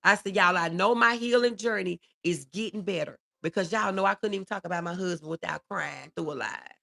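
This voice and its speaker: A middle-aged livestream host speaks briskly in a lowish voice with vocal fry. In her casual stream she reads viewer comments aloud, sounding warm and emotional.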